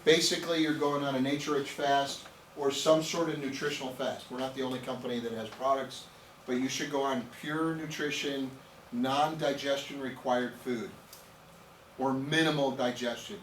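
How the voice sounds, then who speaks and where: Emphatic man in an echoey room. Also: medium pitch. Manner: emphatic, repeats words and asks "okay?". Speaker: nutrition trainer. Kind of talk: live training talk to a small group. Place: room with an audience. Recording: echoey room, distant mic, faint noise.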